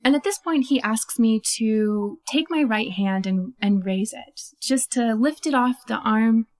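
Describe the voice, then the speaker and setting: A woman tells a true story on stage in a slightly high voice. She is animated and self-mocking, sprinkling in "like" and laughing at her own lines. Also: unhurried. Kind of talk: first-person stage storytelling.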